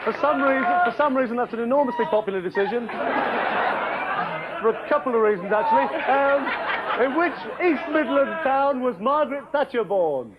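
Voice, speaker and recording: An actor playing a flustered, chummy British quiz show host who calls contestants "my darling" and keeps apologising. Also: male voice, very high voice, lively intonation, normal speed, over a noisy crowd. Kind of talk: sketch comedy parody. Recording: lo-fi old TV tape with loud studio audience and noise. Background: loud studio audience.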